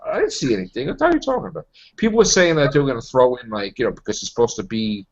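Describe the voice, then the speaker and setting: Animated man hosting a casual chat. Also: racing. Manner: animated, jumping pitch when joking. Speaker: show host. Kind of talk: casual chat about a TV show. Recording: dull lo-fi recording.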